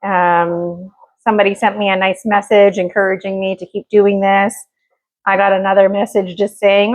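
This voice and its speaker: A woman's voice: medium pitch, flat delivery, moderate pace, highs cut off. Chatty woman hosting a cooking show. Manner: rambling, chatty, many fillers. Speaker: cooking vlog host. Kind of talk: casual cooking chat.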